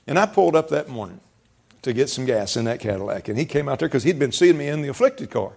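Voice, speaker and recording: A man's voice: mid-range voice, expressive, fast, gravelly, a little mellow. A middle-aged man, a pastor, preaching a sermon in a folksy storytelling way, laughing and quoting conversations as he goes.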